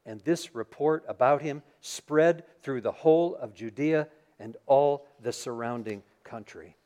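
A man preaching a sermon as pastor in a church, reading scripture and then retelling the story in an animated, dramatic way. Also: mid-range voice, unhurried. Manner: animated storytelling, acting out scenes. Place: church sanctuary.

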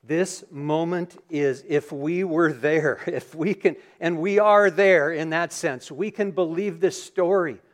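A man preaching a sermon as pastor in a church, reading scripture and then retelling the story in an animated, dramatic way. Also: on the high side, takes it slowly, hardly any pauses. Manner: animated storytelling, acting out scenes. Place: church sanctuary.

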